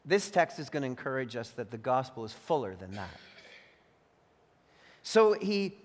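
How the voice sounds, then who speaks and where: A man's voice: medium pitch, very animated, moderate pace. A man preaching a sermon as pastor, earnest and teacherly, leaning hard on key phrases. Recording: long reverb of a large hall.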